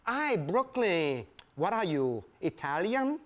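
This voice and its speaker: Sultry, teasing salon woman voiced by a male storyteller, slow and lifted high. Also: big pitch swings, fairly bright tone, exaggerated voice. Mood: teasing flirt. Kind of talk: live storytelling reading.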